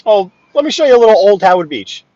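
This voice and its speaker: A man's voice: high-pitched, very animated, fast talker, mellow, no room sound, lo-fi sound. A man giving casual running commentary while he drives, chatty, laughing at his own stories and repeating phrases, recorded on a phone inside a car. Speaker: vlogger driving through his neighborhood. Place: inside a car on city streets.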